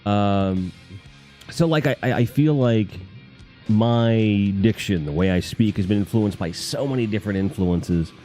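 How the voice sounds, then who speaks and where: A man's voice: lowish voice, measured pace, warm tone, soft background music. A man from the Northeast US, hosting a casual live stream, reading chat comments in a rambling, profane, jokey way.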